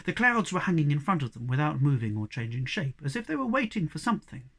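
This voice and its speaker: A reader giving an expressive storybook reading aloud. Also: medium pitch, fast. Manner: expressive, varied delivery.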